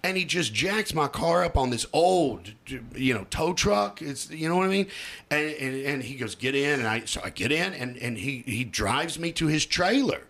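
A man telling a comic story as a podcast guest, animated and often laughing as he acts out the people in it. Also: on the high side, moderate pace.

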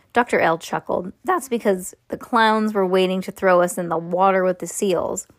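A woman's voice: medium pitch, fairly even intonation, normal speed, few pauses, no room sound. Lady reading a chapter book to her kid, mid voice, chats in between, dry room. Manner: reads with asides, restarts and laughs. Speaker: parent reading aloud to a child. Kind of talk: casual read-aloud of a novel.

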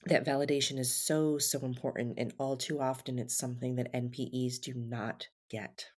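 A woman hosting a podcast interview, asking gentle, validating questions. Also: rumbling low, little pitch movement, normal speed, husky.

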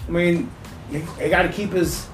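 Joking dude co-hosting a podcast, kinda high voice, echoey room, faint music behind. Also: male voice, steady tone, moderate pace. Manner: joking, loose, swears freely. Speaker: podcast co-host. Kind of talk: casual chat.

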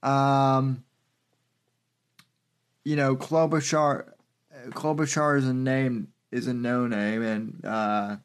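A male podcast host gives political commentary. He talks slowly and haltingly, with many fillers between his phrases. His voice sits in an ordinary middle range. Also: mid-range voice, little pitch movement, clean tone.

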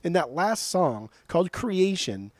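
Blunt, swearing man with mellow voice. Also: high voice, sing-song, measured pace, dry recording. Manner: blunt, profane, emphatic opinions. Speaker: podcast co-host. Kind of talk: casual chat.

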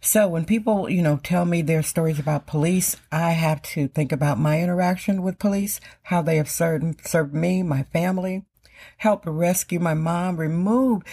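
Emphatic low-voiced woman podcaster. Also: moderate pace, gravelly, mellow, slightly rough. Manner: emphatic, repeats phrases for stress. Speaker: podcast host. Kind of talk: casual podcast monologue.

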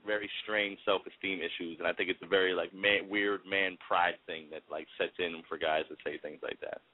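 A man's voice: sits low, fairly even intonation, fairly quick. A man from the Boston area calling in to a radio show, rambling and hesitant, often repeating words. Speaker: caller. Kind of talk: casual call-in chat. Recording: tinny phone line, dry.

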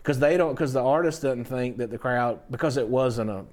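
A man's voice: medium pitch, brisk. A middle-aged man, a songwriter telling stories in a casual interview and acting out the people he quotes. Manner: animated, acts out quotes in other voices. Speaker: guest songwriter.

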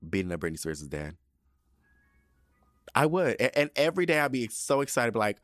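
A man hosting a casual solo podcast, sassy and animated, using slang and swearing, often jumping into high excited bursts. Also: fairly quick, pauses often, no room sound, studio quality. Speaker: podcast host.

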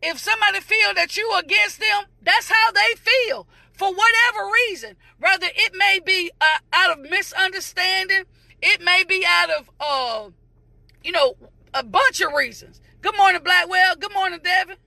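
A preacher gives a morning devotional sermon, greeting viewers by name and emphatically repeating phrases in a sing-song cadence. The voice is very high, pushed and bright with vocal fry, at a moderate pace, in a dry recording.

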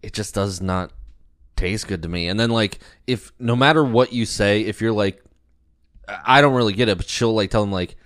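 Low-voiced, dry-humored man. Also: normal speed, fairly bright tone, dry recording. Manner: laid-back, dry, teasing. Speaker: podcast co-host. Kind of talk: casual chat.

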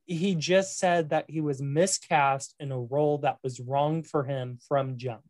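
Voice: medium pitch, measured pace, no room sound. Dry-voiced opinionated podcast co-host. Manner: animated, opinionated, many fillers. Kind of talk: casual chat.

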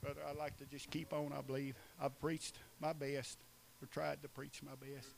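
A preacher from Eastern Oklahoma who swings between shouted, chanting preaching and quieter asides with short laughs. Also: male voice, medium pitch, flat delivery, moderate pace, creaky, a little hiss or hum. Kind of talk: sermon.

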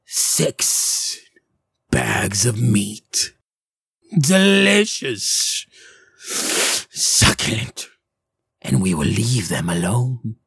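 A man voicing cruel old hags who gloat and hunger for human flesh, stretching their words out slowly. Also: lowish voice, very animated, gravelly, fairly bright tone, breathy edge, dry recording, exaggerated voice. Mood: greedy. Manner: taunting, gloating, drawn-out words.

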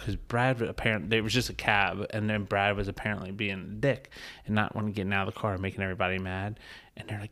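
A man's voice: on the low side, little pitch movement, fast talker, fairly bright tone. A man telling a rambling, profane bar story in casual podcast chat, laughing often.

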